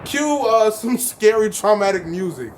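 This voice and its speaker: A young man co-hosting a podcast, telling a story in casual comedic chat with animated, profane delivery. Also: high voice, a little slow, a little hiss or hum. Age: young adult. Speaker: podcast co-host.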